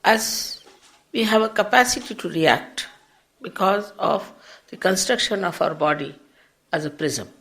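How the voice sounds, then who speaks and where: An older woman, a spiritual teacher, giving an unhurried, explanatory public lecture with big swings in pitch and loudness. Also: lively intonation. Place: public program before an audience.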